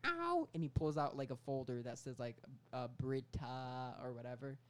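A man of medium pitch pitches a story on a comedy podcast, rambling and casual. He trails off, restarts and fills gaps with "like" and "um" as he goes. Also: little pitch movement, moderate pace, darkish tone, a little hiss or hum. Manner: rambling storytelling with many fillers. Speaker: podcast co-host pitching a movie.

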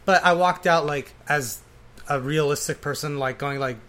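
A man chatting casually on a podcast about movies, animated and often acting out quotes. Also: fairly high pitch, moderate pace. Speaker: podcast guest.

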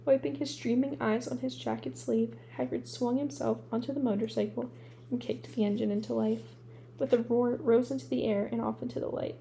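A woman reads a storybook aloud in a steady, unhurried way, sometimes stopping to restart a word. Her voice sits a touch high, with a mellow warmth and a gravelly texture, and a faint hum runs behind her. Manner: steady reading with occasional restarts. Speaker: audiobook reader.

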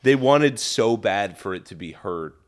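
A man's voice: on the low side, lively intonation, a little slow. A man co-hosting a casual true-crime podcast, swearing often and sounding indignant. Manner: profane, indignant, lots of fillers. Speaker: podcast co-host.

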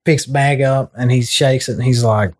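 A young American man, a podcast co-host, telling a long story in a casual, profane, animated way, full of slang. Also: mid-range voice, normal speed.

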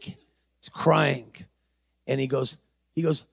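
A man's voice: medium pitch, a little fast, gravelly, no room sound. A man preaching a sermon, acting out dialogue in his story and calling out to the congregation. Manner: acts out dialogue, calls to the crowd.

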